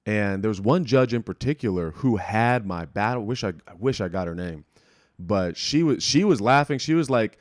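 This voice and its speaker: A man's voice: lowish voice, expressive, moderate pace, no echo, clean studio sound. A young man hosting a podcast, telling stories in a rambling, profane, self-deprecating way and acting out other people's lines. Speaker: podcast host. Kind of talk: casual storytelling monologue.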